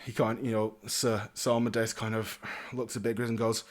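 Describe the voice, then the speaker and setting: A man's voice: lowish voice, flat delivery, fairly quick, hardly any pauses. A man acting as game master who narrates a tabletop game casually, with many restarts. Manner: casual, with restarts and hedging fillers.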